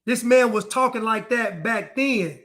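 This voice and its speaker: A man's voice: very high-pitched, a little slow, bright, forceful tone. A man delivering a defiant ranting monologue to camera, repeating his phrases over and over.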